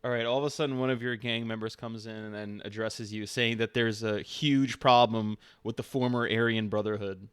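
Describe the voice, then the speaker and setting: A man streaming and acting as game master, narrating casually with halting, amused delivery and frequent fillers. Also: lowish voice, steady tone, clear, resonant tone.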